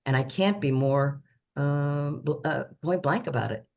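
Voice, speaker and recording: A woman's voice: sits low, a little slow, vocal fry, darkish tone. An older woman, a financial planner, explaining money matters in a casual video chat, emphatic and fond of playful catchphrases.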